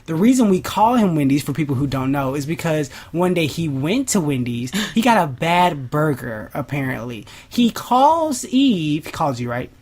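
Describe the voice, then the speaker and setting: A woman's voice: moderate pace, hardly any pauses, breathy edge. Chatty podcast woman, voice jumps all over, does little voices for the quotes. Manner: animated storyteller, acts out quotes in high voices, laughs often. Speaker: podcast co-host. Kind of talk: casual chat.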